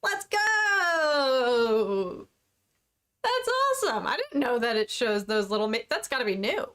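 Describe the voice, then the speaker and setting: A woman's voice: a little high, big pitch swings, a little slow, a bit bright, clear, resonant tone. A young woman hosting a casual livestream podcast, chatting and reading out viewer comments. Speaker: podcast host.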